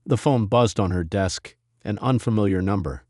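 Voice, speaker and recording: A man narrating a scripted dramatic story in a steady storytelling manner. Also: fairly low pitch, normal speed, dry recording, clean studio sound.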